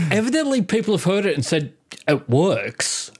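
A man's voice: sits high, very animated, brisk, slightly rough. A man, co-hosting a podcast in blunt, dismissive casual banter. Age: 40s. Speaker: podcast co-host.

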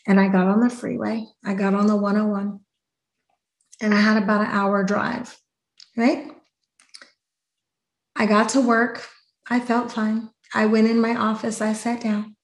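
Animated woman podcast host, roomy sound. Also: medium pitch. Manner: animated storyteller, acts out quotes. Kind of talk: casual chat.

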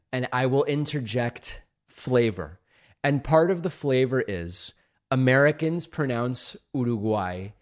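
Hosting a political talk show, a middle-aged man originally from Argentina reads out letters from listeners and responds in detail. He speaks at an ordinary mid pitch, conversational and emphatic, and gets playfully defensive under criticism.

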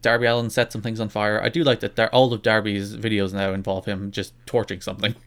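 A man's voice: lowish voice, little pitch movement, fast talker, a bit bright. A man co-hosting a casual wrestling podcast, rambling and self-deprecating with lots of restarts. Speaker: podcast co-host.

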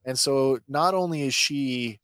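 A man's voice: mid-range voice, a little slow, fairly bright tone, clean tone, dry recording, clean studio sound. A man co-hosting a fan podcast in casual chat, chatty and often trailing off mid-thought. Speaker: podcast co-host.

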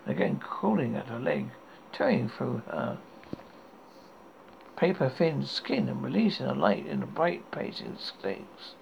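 Gravelly male horror storyteller. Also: medium pitch, wildly swooping pitch, unhurried. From United Kingdom. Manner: stumbling, self-correcting reading. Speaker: horror podcast host. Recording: dull lo-fi recording with faint hiss.

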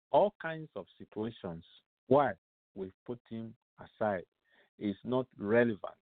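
A man's voice: mid-range voice, no room sound. A man hosting a radio show, preaching emphatically, repeating phrases and asking rhetorical questions. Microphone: phone call-in line. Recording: tinny, dry phone line.

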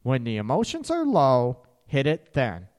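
A man hosting a relationship advice radio show, blunt and animated, with sarcastic asides and casual swearing. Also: medium pitch, a little slow, in a large hall.

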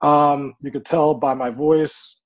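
A man, a comedian, chatting casually as a podcast guest in an easygoing, relaxed way. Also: fairly high pitch, slow.

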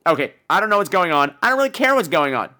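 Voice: mid-range voice, very animated, racing, bright, forceful tone. A podcast host giving a casual movie review in a sarcastic, exasperated rant.

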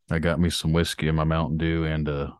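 A man's voice: a bass voice, flat delivery, fairly quick, clear, resonant tone, dry recording, studio quality. A man co-hosting a podcast, talking in a casual, earnest, drawling way and ranting at times. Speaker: podcast co-host.

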